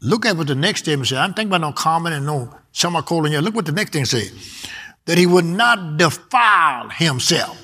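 A man's voice: fairly high pitch, expressive, a little fast, pushed and bright, husky. A man preaching a sermon, reading scripture aloud and repeating his key words with emphasis.

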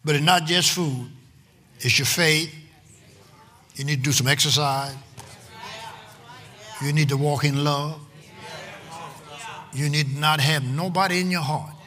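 A man preaching a sermon as pastor, calling out to his congregation and stretching out emphatic, shouted lines. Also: a little high, measured pace, pauses often. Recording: long hall reverb, faint room noise.

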